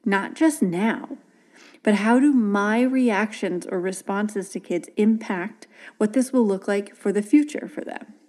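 Woman podcast host, relaxed storyteller, average pitch. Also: measured pace. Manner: warm storytelling with gentle quoted dialogue. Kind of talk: casual podcast talk about parenting.

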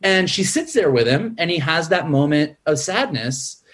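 A man in casual film talk, a screenwriter who acts out character lines in a raised, lively voice. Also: moderate pace. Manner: animated, acts out character quotes in a higher voice. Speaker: screenwriter and podcast guest.

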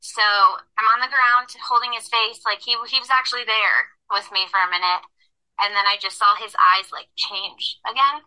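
A young woman telling a personal story as a podcast guest, talking quickly with lots of "like" and swearing. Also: fairly high pitch, fairly even intonation, sharp tone, clear, resonant tone. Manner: rapid, heavy use of "like", frequent swearing. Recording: tinny phone-line sound.

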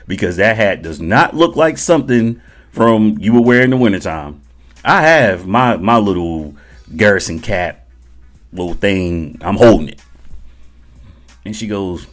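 Middle-aged male veteran, deep voice, lively casual podcast storytelling. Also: unhurried, soft background music. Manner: conversational, addresses listeners directly, chuckles often.

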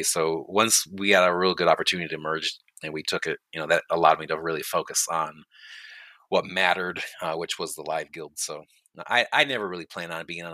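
A middle-aged man with a very deep voice talks easily through old gaming stories, full of fillers and asides. His tone has a bright, forceful bite despite the low pitch. The recording is dry and close, with no room around him. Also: no echo. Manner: relaxed storytelling, many fillers and asides. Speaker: guest, guild leader. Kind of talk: casual podcast chat.

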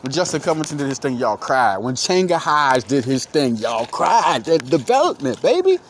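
A man's voice: medium pitch, expressive, moderate pace, fairly bright tone, a little hiss or hum. Hyped-up Philly man podcasting sports. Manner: hype, repetitive, calls listeners "baby". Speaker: podcast host. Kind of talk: excited solo sports podcast.

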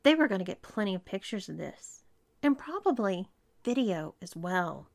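A woman reading an erotic story aloud as its narrator, in an even storytelling delivery. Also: mid-range voice, normal speed, gravelly. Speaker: erotica reader.

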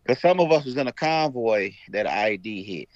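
A man's voice: medium pitch, brisk, no room sound, lo-fi sound. A man, a veteran guest on a podcast, telling stories in casual chat and acting out the dialogue. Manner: animated storyteller, acts out dialogue.

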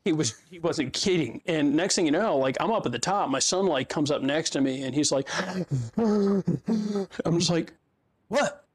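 A man's voice: a little high, moderate pace, breathy edge. A man in his fifties, an interview guest and fitness coach, telling stories in a rambling, profane way with lots of fillers and frequent laughs. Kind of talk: casual storytelling chat.

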